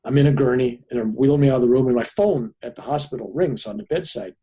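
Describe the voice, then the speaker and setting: A man's voice: medium pitch, fast talker, husky. Older man telling a vivid story. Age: 70s. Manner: animated storyteller, voices the people in his story. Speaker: guest. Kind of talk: podcast interview storytelling.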